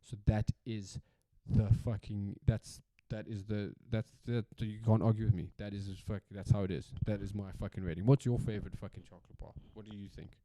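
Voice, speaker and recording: A man's voice: on the low side, level tone, brisk, few pauses, warm tone, no room sound. A South African man hosting a solo podcast in a casual, rambling rant, swearing freely and repeating himself for emphasis. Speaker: podcast host.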